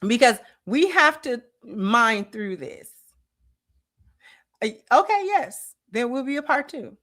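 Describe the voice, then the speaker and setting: A woman's voice: fairly high pitch, big pitch swings, takes it slowly, sharp tone. A woman host giving casual, colloquial commentary and speaking directly to her viewers.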